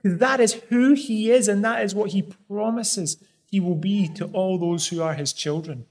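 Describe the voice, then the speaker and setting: A man's voice: sits high, normal speed, a little mellow. A man preaching a sermon in an earnest, pleading way, pressing hard on key phrases.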